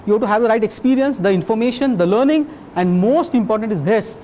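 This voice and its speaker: A man giving a medical lecture as a physician, telling a case story in a lively, blunt way and quizzing his audience. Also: high voice, fast talker, a little hiss or hum.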